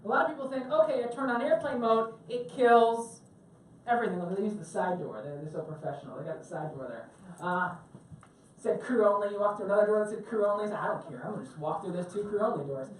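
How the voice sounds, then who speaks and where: A woman's voice: medium pitch, lively intonation, quick pace, slight background noise. A woman teaching a tech class to a live audience on a cruise ship, chatty and joking and asking the room questions. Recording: very echoey room, mic at a distance.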